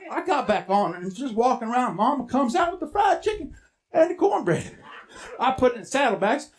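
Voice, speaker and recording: A playful man spinning a tall tale on stage, teasing his listeners as he goes. His pitch swings widely and animatedly, from low drawls to high bursts. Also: big pitch swings, a little fast. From Texas. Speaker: storyteller. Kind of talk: live storytelling performance. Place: stage before a live audience.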